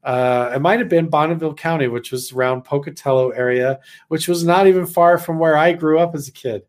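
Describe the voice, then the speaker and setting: A man from Idaho telling a personal story about his missionary days in a casual, animated way, full of "like" fillers. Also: on the high side, fairly quick. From Idaho, USA. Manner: animated, rambling, heavy on "like" fillers.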